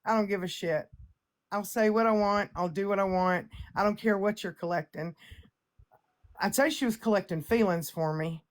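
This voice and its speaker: A woman's voice: mid-range voice, normal speed. A woman hosting a livestream chat, brash and profane, boasting and ranting in a casual way. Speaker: livestream host.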